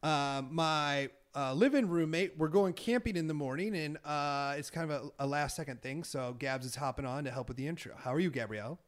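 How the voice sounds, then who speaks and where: Young guy hosting a podcast, kinda high voice, jokey and teasing, laughs a ton. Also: a little fast, hardly any pauses. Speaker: podcast host. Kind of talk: casual chat.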